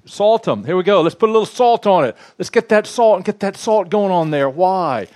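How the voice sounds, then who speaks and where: A man preaching a sermon in a lively, conversational way, with asides to the congregation. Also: high-pitched, normal speed. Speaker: pastor.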